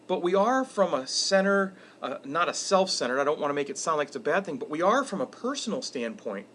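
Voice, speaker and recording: A man's voice: fairly high pitch, fairly bright tone, a little hiss or hum. A middle-aged man giving a reflective weekly video message as an educator, speaking earnestly and conversationally. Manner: earnest, conversational, retells stories with quoted dialogue. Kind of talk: reflective monologue to camera.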